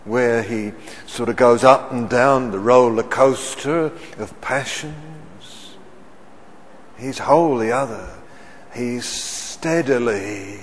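A man preaching a sermon. He keeps asking the congregation questions and swells loud on the words he stresses. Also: medium pitch, a little hiss or hum. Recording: reverberant church hall.

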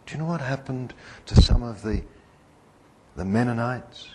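A man's voice: mid-range voice, expressive, moderate pace, darkish tone, slight background noise. A man preaching a sermon in a conversational, digressive way, often putting questions to the congregation.

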